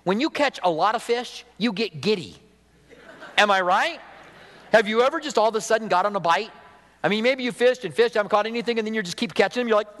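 A man with a high, bright-edged voice preaches a sermon, talking to the congregation like a conversation and asking them questions. His words ring out with a long reverb, as in a big hall. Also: animated, a little fast. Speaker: pastor.

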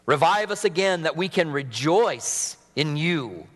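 A man's voice: on the high side, animated, a little slow, big-room sound. A man preaching a sermon from a pulpit in a conversational, earnest manner, sniffly from a cold, with humorous asides. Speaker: pastor. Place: church sanctuary at a pulpit.

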